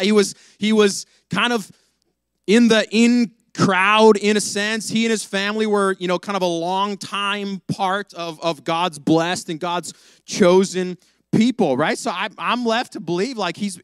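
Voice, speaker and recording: Lively man preaching, smooth clear voice. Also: sits high, no room sound. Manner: animated storytelling, acts out dialogue, slangy. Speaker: pastor. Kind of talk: casual sermon.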